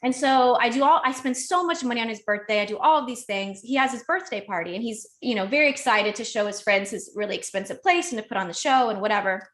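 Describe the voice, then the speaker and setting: A young adult woman speaks as a podcast guest, telling a personal story in a casual, conversational way. Her voice sits a bit high. She is animated and emotional, often breaking off and restarting her sentences. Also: fast, few pauses.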